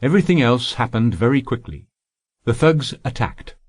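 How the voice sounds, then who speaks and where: A man reading an audiobook in a steady, even storytelling voice. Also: mid-range voice, normal speed, no echo, studio quality. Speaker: audiobook narrator. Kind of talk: scripted audiobook narration.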